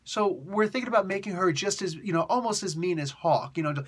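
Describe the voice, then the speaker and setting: A man hosting a comic book review show, talking in a casual, animated way, often laughing and sounding exasperated. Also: high-pitched, a little fast, slightly rough.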